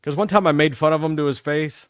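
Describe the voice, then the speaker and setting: A middle-aged man hosting a talk show, telling rambling, profane stories about his school days in a casual, animated way. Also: fairly high pitch, quick pace, smooth, dry recording, studio quality. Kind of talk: casual storytelling.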